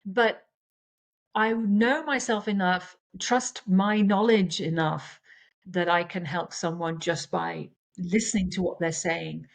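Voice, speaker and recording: A woman's voice: lowish voice, fairly even intonation, slow pace, gravelly, low-quality recording. A middle-aged woman coach in casual conversation, explaining her methods earnestly and acting out quoted exchanges.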